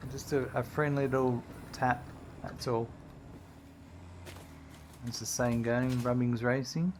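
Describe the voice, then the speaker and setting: A middle-aged man giving relaxed, chatty commentary while streaming a game. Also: medium pitch, takes it slowly, a little hiss or hum. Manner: relaxed, chatty, talks to his dog in a sing-song voice. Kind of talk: casual gameplay commentary.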